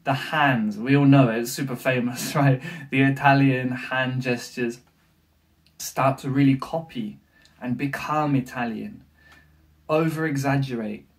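Male language coach, slow and emphatic delivery, mid pitch, voice slightly off-mic. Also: steady tone, distant mic. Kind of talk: motivational language-learning advice.

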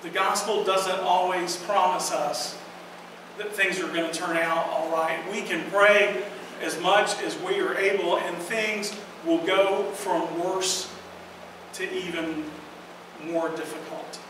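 A woman pastor preaching a sermon in a church, earnest and emphatic, with slow dramatic pauses. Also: lowish voice, steady tone. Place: church sanctuary. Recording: echoey hall from far off, noisy.

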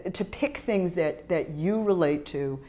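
A middle-aged woman, a former high school teacher, talking casually and with feeling, acting out classroom exchanges. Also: unhurried. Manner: animated and emotional, acts out classroom exchanges. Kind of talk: casual interview talk about teaching poetry.

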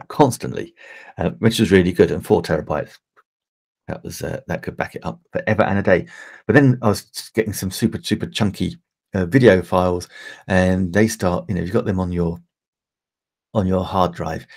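A man's voice: sits low, gravelly, darkish tone. A middle-aged English man chatting casually on a livestream, rambling with many fillers and restarts. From England. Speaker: livestream host.

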